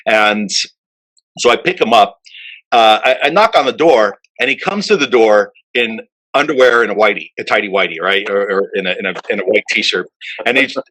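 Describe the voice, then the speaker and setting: Bright-voiced male podcast host. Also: fairly low pitch, poor audio. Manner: animated anecdote teller, full of fillers. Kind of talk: casual storytelling chat.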